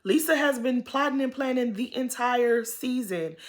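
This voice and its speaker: A woman with a high-sitting voice and moderate pace hosts a TV recap, giving a casual, opinionated rundown of a reality TV episode. She's sassy, tossing in "girl" asides and pointed questions.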